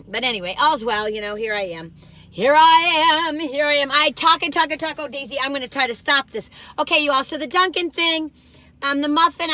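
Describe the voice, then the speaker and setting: A woman's voice: medium pitch, sharp tone. A woman in her sixties telling a long personal story and reviewing food in a casual, rambling way, full of fillers, restarts and joking asides about herself. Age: 60s. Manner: chatty, wandering, lots of fillers and restarts; self-deprecating, joking asides.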